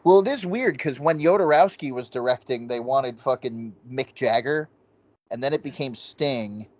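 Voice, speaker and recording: A man co-hosting a casual movie review chat, talking excitedly and swearing often. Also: mid-range voice, normal speed, dry recording. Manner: excited, profane, quotes scenes in goofy voices. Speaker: podcast co-host.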